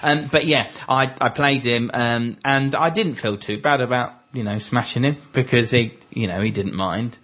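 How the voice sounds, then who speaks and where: A man's voice: medium pitch, normal speed, hardly any pauses, fairly bright tone. A man chatting on a tabletop gaming podcast, joking at his own expense and laughing often. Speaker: podcast regular. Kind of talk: casual chat among tabletop gamers.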